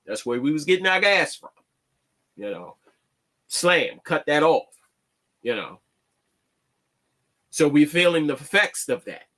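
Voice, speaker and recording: A man hosting an online show, talking in a casual, halting monologue and restarting his words often. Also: a little high, expressive, a bit bright. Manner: plainspoken, slangy.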